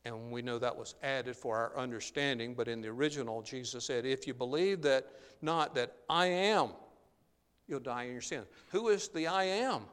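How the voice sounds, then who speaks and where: A man's voice: mid-range voice, moderate pace, a bit bright, clear, resonant tone. Guy preaching a sermon, earnest, keeps saying "uh... there", big echoey church hall. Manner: earnest, frequent "uh" and "there" tags. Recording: long hall reverb.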